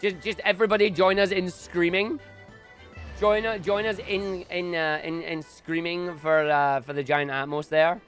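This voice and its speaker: A young man chatting casually on a live stream, excitable and prone to loud bursts of enthusiasm. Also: sits high, normal speed, soft background music.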